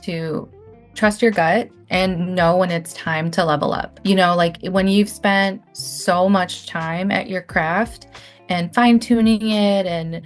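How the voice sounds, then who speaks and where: A woman's voice: on the low side, steady tone, slow pace, faint music behind. A young woman answering interview questions in a chatty, rambling way, correcting herself as she goes. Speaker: guest, calligraphy business owner. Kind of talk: casual interview.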